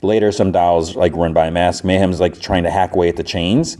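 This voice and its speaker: A man hosting a podcast, casually recapping an episode in a loose, rapid way, quoting characters as he goes. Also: low voice, fairly even intonation, warm tone. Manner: rapid retelling with "he's like" quotes, loose restarts. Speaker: podcast host.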